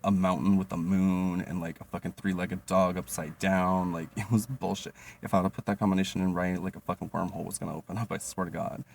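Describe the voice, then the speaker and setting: Man, 30s, low gravelly voice, profane casual storyteller. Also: a little hiss or hum. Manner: profane, animated, lots of fillers.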